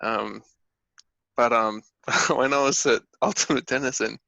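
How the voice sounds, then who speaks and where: Gravelly man, hesitant and full of ums. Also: medium pitch, fairly even intonation, unhurried, sharp tone, no echo, rough recording. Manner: hesitant storyteller, many ums. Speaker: podcast co-host. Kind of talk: casual chat.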